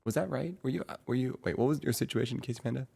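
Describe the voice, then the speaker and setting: A man streamer chatting casually to his viewers, rambling and halting, with lots of fillers and restarts. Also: mid-range voice, gravelly, warm tone, slightly rough. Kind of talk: casual live-stream chat.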